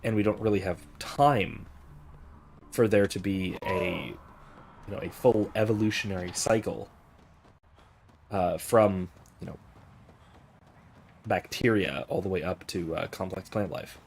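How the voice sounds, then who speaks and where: Man, philosophy professor host, thinking aloud, casual playthrough talk, loud game sound behind. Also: sits low, steady tone, unhurried, creaky, long pauses, slight background noise. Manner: musing, thinking aloud with many fillers. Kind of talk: casual gameplay commentary. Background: video game audio.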